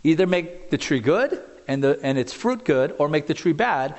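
A man in his forties preaching a sermon in a church, conversational and animated, full of asides and rhetorical questions. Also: on the high side, moderate pace. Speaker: pastor. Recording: long hall reverb.

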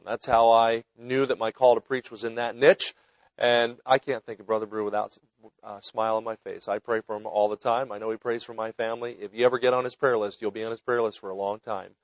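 A man's voice: fairly low pitch, dry recording, low-quality recording. A man in his fifties from New Jersey, an evangelist preaching at a college chapel in a folksy, storytelling way, asking the audience to raise hands. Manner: folksy storytelling, chuckling warmth about friends. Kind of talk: sermon. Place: chapel with live student audience.

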